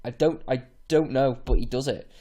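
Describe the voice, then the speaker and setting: A man co-hosting a film podcast, hesitant, full of restarts, often trailing off quietly. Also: mid-range voice, moderate pace. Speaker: podcast co-host. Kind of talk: casual film review chat.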